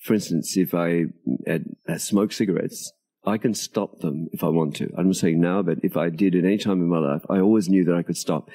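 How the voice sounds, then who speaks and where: Older man, dark husky voice, animated storyteller. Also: sits low, fairly quick. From Australia. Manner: animated storyteller, acts out quoted dialogue, laughs often. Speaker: interview guest, author. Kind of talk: storytelling in conversation. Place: outdoors at a tropical home near a beach.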